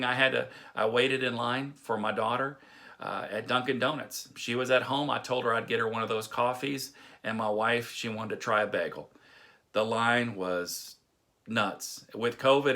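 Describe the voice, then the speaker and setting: Bright-voiced middle-aged devotional speaker. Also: male voice, mid-range voice. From Texas. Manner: folksy storytelling with chuckles and restarts. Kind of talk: casual devotional talk.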